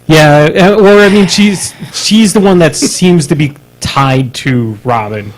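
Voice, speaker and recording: A man co-hosting a live-streamed podcast, chatting casually, animated and laughing often, stumbling and restarting his sentences. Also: a little high, takes it slowly, poor audio. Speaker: podcast co-host. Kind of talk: casual chat.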